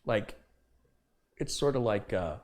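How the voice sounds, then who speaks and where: Hosting a live computer repair stream, a man lectures his viewers in a casual yet passionate, emphatic way. His voice is on the low side, slow-paced, and expressive.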